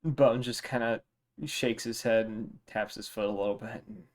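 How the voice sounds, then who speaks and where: A game master narrating a tabletop game at an unhurried pace, amused and laughing often. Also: medium pitch, fairly even intonation. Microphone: home mic on a stream.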